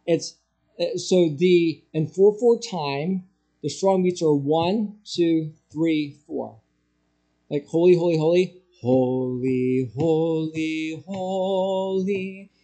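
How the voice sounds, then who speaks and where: A pastor lecturing a church group on music, his voice high in pitch yet mellow and dark in tone. He explains patiently, restarting phrases and stressing syllables as he goes. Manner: explanatory, with restarts and spoken emphasis. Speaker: pastor teaching a class.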